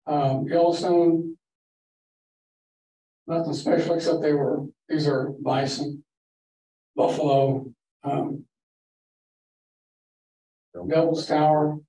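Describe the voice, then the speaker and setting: Speaking slowly with frequent pauses, this older man has a dark voice on the high side with little pitch movement. He's a guest presenter giving a rambling, casual slide-show talk full of folksy tales to a photography club in a library meeting room. The audio is echoey and faintly hissy, taken from far off.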